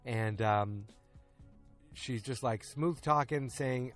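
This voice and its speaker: A man hosting a podcast, recapping an episode in a loose, casual way and acting out the characters' lines in quick quotes. He is recording outdoors in a park. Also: medium pitch, faint music behind. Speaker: podcast host.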